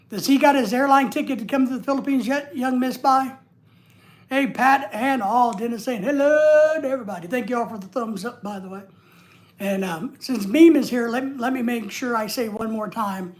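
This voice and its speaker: A man hosting a livestream, chatting casually and reading viewer comments aloud in a rambling, joking way. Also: very high-pitched. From United States. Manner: rambling and joking, with frequent restarts. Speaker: livestream host.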